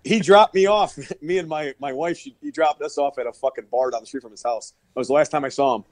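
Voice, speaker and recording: A middle-aged powerlifter guesting on a podcast, telling rowdy, profane stories and laughing often over a remote call that breaks up. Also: male voice, mid-range voice, fast talker, a little mellow, no echo. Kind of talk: casual storytelling.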